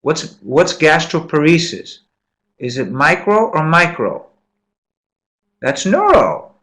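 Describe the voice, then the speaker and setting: Guy teaching med students in a classroom, kinda high voice, keeps quizzing em and repeating stuff. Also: slow. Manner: quizzing students, repeating key points, lively and encouraging. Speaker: medical lecturer. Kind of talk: interactive classroom lecture.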